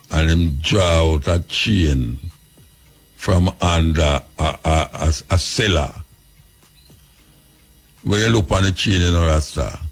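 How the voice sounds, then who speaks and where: Gravelly deep-voiced Jamaican man. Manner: patois storytelling, addresses listeners directly. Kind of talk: storytelling to listeners.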